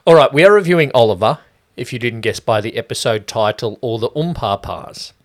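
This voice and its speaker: A man co-hosts a relaxed movie review show with his brother. He talks in a loose, joking way and trades quick banter. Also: medium pitch. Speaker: podcast co-host. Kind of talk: casual movie review chat.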